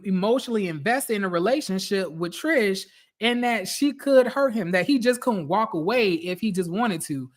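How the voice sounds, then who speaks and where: Animated high-voiced man ranting on a podcast. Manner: ranting, profane, acting out quoted reactions. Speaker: podcast host. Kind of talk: casual reality TV recap commentary.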